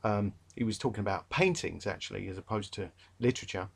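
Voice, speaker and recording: A man's voice: fairly low pitch, fast, creaky, husky. A man with a London accent giving a rambling, chatty revision talk to literature students, full of fillers and restarts, and emphatic about a pet peeve. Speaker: English literature tutor.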